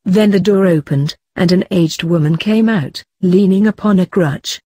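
A woman reads a children's fairy tale aloud in a gentle, measured way. Her voice sits low and mellow, with a slightly husky edge. The recording is dry and close. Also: dry recording. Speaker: storyteller. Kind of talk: children's audiobook narration.

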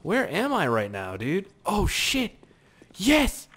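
Excitable, foul-mouthed young man gaming. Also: high-pitched, slow pace. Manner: excitable, profane, sudden loud outbursts. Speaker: gameplay commentator. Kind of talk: casual gameplay commentary.

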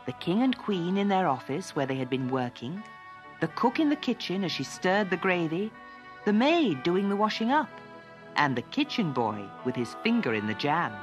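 Expressive woman reading a children's fairy tale. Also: lowish voice, normal speed, dull audio, faint music behind. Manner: expressive, lilting storytelling. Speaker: storyteller. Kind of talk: scripted narration for children.

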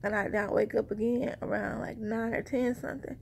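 Chatty woman with a gravelly edge. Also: on the high side, fairly even intonation, brisk, darkish tone, a little hiss or hum. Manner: chatty, rambling, addresses viewers directly. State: short of breath. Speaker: vlogger sharing a pregnancy update. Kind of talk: casual chat to camera.

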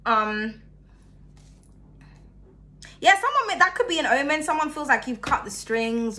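A young woman giving a casual tarot reading, chatty and laughing often, her voice jumping between loud bursts and hushed asides. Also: sits high, big pitch swings, unhurried, long pauses. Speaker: tarot reader.

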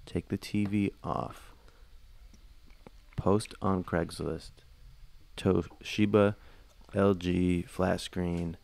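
Guy w a gravelly lowish voice riffing deadpan on a comedy podcast. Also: drawn-out words, long pauses. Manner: deadpan, rambling comic bits. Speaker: podcast co-host. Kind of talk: casual comedic chat.

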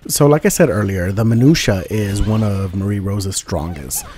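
A man giving joking, profane commentary over a fighting game, dropping into mumbled asides and rising into loud outbursts. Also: fairly low pitch, moderate pace, few pauses, slight background noise. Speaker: gaming video host. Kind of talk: casual gameplay commentary.

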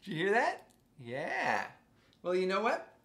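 A man's voice: high-pitched, wildly swooping pitch, measured pace, a bit bright. A man leading a playful interactive music lesson for young children, coaxing them to join in with a sing-song delivery.

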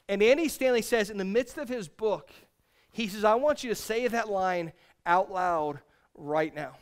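A young adult man preaching a sermon from the pulpit. His voice sits high, and he talks earnestly, repeating his key phrases and having the congregation say them back. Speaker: pastor.

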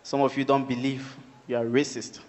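A man's voice: mid-range voice, flat delivery, normal speed, darkish tone, long reverb tail, a little hiss or hum. A man with a Ghanaian English accent performing stand-up comedy, working the crowd playfully before a live audience. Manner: crowd-working, playful, switches between English and local phrases.

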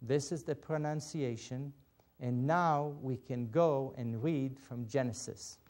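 A man teaching a Biblical Hebrew lesson, patient and deliberate, spelling out each step. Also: mid-range voice, darkish tone. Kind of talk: slow instructional lesson.

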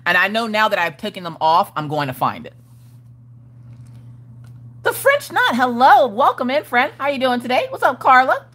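A woman's voice: on the high side, wildly swooping pitch, moderate pace, long pauses, pushed and bright. A woman hosting a casual crafting livestream, greeting viewers by name and reading their comments aloud with a playful, laughing manner. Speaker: livestream host of a crafting chat.

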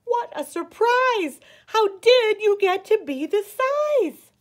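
A woman voicing a frightened little boy in a picture-book reading, speaking high, loud and anxious. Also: expressive, moderate pace. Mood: surprised. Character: frightened little boy searching for his teddy.

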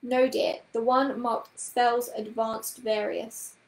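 A woman voicing a prim, brisk middle-aged amateur witch who scolds in a crisp, bossy way, in a storybook reading. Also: on the high side, little pitch movement. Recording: roomy echoing room.

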